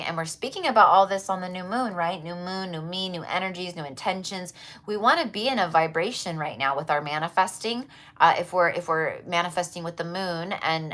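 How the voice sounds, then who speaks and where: A woman's voice: lowish voice, fairly bright tone. A woman hosting a tarot livestream, chatting casually and effusively to her viewers with lots of fillers and repeats.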